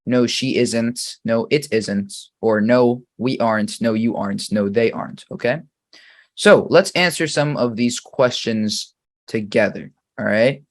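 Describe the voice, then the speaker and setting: In an English grammar lesson, a man with a lowish voice reads example sentences slowly. He then quizzes the viewer with patience.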